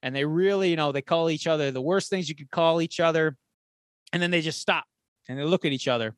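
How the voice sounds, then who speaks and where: A man with a slightly raised pitch retells a war movie scene by scene in a loose, chatty way. He keeps dropping into the characters' lines as he goes. The sound is dry and close to the mic. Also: fairly quick, no echo. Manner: animated storyteller acting out quotes with swearing. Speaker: podcast co-host. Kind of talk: casual retelling of a film plot.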